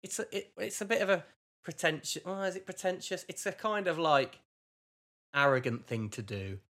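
A man's voice: on the high side, lively intonation, moderate pace, fairly bright tone. A man hosting a podcast from a hotel room, chatting in a rambling, self-deprecating way. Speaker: podcast host. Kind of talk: casual chat.

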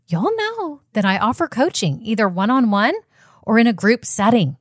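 A woman's voice: on the high side, big pitch swings, a little fast, no room sound, studio quality. A woman hosting a podcast and coaching business owners, talking in an effusive, gushing way. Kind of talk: casual interview chat.

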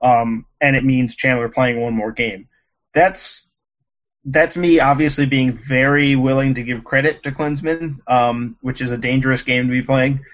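A man's voice: medium pitch, fairly even intonation, unhurried, lo-fi sound. A man co-hosting a casual sports podcast, rambling with lots of ums and an exasperated tone. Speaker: podcast co-host.

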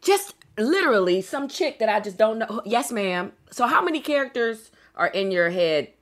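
A woman's voice: a little high, big pitch swings, moderate pace. A woman hosting a casual interview chat, asking teasing, playful questions. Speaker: host.

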